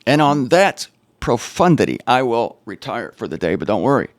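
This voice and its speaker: A man's voice: mid-range voice, sing-song, moderate pace, no room sound, studio quality. A man hosting his own show, teaching on the Bible in an informal, emphatic way with wry, sarcastic asides.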